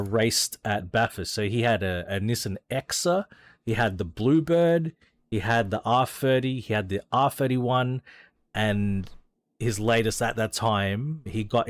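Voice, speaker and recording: A man's voice: on the low side, no echo. An Australian man chatting casually as he streams a racing game, rambling with hesitations and restarts. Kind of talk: casual gameplay commentary.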